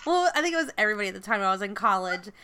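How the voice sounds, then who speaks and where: A woman in her fifties co-hosts a casual podcast and chats in an animated, storytelling way. Her voice is bright and clear. She leans on fillers as she goes. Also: medium pitch, very fast. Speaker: podcast co-host. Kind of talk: casual chat.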